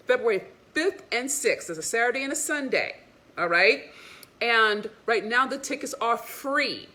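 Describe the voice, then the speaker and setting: A woman's voice: fairly high pitch, measured pace. Sassy woman relationship coach. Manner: animated, preachy, sassy and frank with curses. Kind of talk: casual motivational talk to women viewers.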